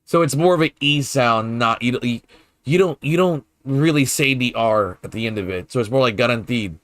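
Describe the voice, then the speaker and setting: Medium in pitch and a bit bright, a man speaks at a normal speed. He's playing a game on stream and casually chatting with viewers, hesitantly working through pronunciations aloud, repeating words in a curious, playful way.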